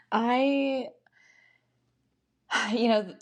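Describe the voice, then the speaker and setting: A woman's voice: fairly high pitch, steady tone, extremely slow. A woman who is a podcast guest, reflecting aloud in a casual interview.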